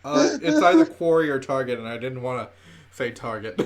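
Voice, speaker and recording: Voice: medium pitch, wildly swooping pitch, moderate pace. A player in a tabletop game making wry, joking remarks in casual chat.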